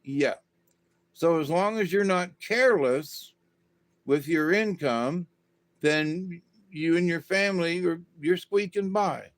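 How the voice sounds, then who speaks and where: A man's voice: fairly high pitch, takes it slowly, no room sound. A man giving a casual, rambling monologue to his viewers in a folksy manner, full of "you know" asides. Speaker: vlogger.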